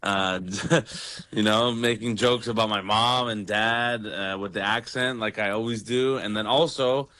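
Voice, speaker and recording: Young comedian man from Toronto, low voice, relaxed, lots of ums. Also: measured pace. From Toronto, Canada. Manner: relaxed, rambling with fillers. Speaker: comedian guest. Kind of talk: casual radio interview.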